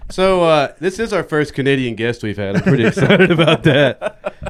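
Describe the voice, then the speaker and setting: A man's voice: on the high side, animated, normal speed, a crowd in the background. A man hosting a casual podcast chat in an upbeat, joking manner. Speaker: podcast host.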